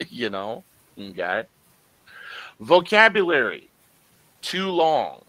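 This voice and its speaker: Animated, bright-voiced male English teacher. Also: medium pitch, unhurried, no room sound, low-quality recording. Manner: animated and joking, acting out confused listeners. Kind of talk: live online lecture. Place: online class.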